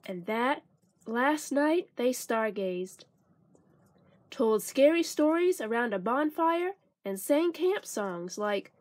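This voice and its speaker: Woman reading a kids book out loud, high voice, slow and expressive, fun sound effects. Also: no echo. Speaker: storybook reader. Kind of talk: reading a children's picture book aloud.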